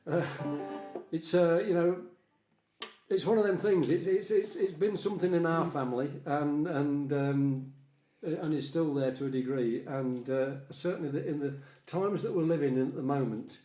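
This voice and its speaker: A man's voice: fairly high pitch, normal speed, mellow, soft background music. A man with a rambling, hesitant manner, chatting casually between songs at home as a folk musician. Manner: rambling, hesitant, with many fillers. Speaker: folk musician hosting a live stream. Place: home lounge. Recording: roomy room with instruments.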